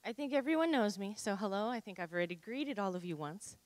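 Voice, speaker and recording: A woman of middle pitch greets a church congregation and prays earnestly and softly, often calling out to the Lord. Her voice sounds dry and close. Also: lively intonation, fast, no room sound. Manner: earnest, soft-spoken, repeats "Lord God" in prayer. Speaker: pastor's wife leading prayer. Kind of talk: greeting and prayer.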